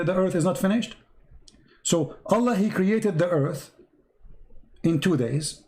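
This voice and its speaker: A man hosting a live stream debate, insistently repeating his questions to a caller and reading verses aloud, his voice going hoarse. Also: fairly high pitch, dark tone, low-quality recording. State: losing his voice.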